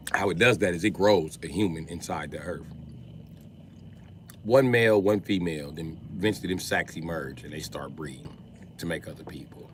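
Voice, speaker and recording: A man streaming live, riffing through a profane comic rant in an animated, swearing manner. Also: sits low, a little hiss or hum. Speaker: comedian streamer.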